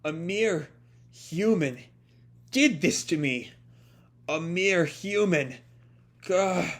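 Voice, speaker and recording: A man's voice: high voice, animated, very slow, voice pushed up, exaggerated voice. A man voicing a haughty, wounded female warrior, muttering with scorn as he reads manga lines aloud. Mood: scornful.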